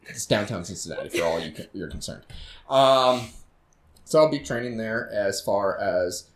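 A man, a fitness trainer co-hosting a podcast, talking in a rambling, laid-back way that drifts quiet. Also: on the low side, expressive, normal speed, reverberant. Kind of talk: casual chat.

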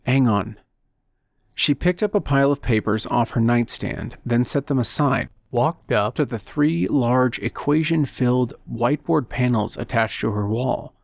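A man narrating a short story in a measured, steady storytelling manner at a close microphone. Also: mid-range voice, vocal fry, no room sound. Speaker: audiobook narrator. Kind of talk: scripted narration.

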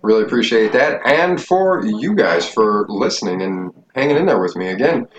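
A man's voice: lowish voice, animated, normal speed. A man hosting a casual home podcast, loose, joking and profane as he talks to his listeners. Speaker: podcast host. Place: home bedroom. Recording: echoey room, dull and noisy.

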